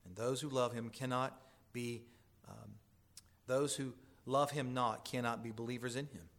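A man preaching a sermon as pastor, earnest and pleading, moving between loud emphasis and hushed intensity. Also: mid-range voice, steady tone, measured pace, gravelly.

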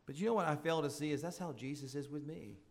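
A man preaching a sermon as pastor, swelling into emphatic appeals and dropping into soft, intimate asides. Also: fairly high pitch, quick pace.

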